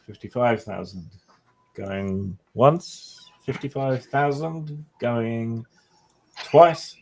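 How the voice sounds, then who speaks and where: A man voicing a male auctioneer, calling out bids briskly and drawing out the count. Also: mid-range voice, vocal fry, a little hiss or hum, pitched above the performer's own voice. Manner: brisk, drawn-out bid calling.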